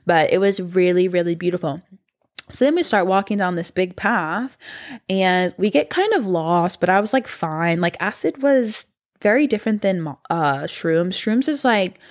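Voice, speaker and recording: A young woman casually telling a long rambling story to her viewers, full of fillers and asides. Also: lowish voice. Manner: chatty and rambling, lots of fillers, animated voices in quotes. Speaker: vlogger.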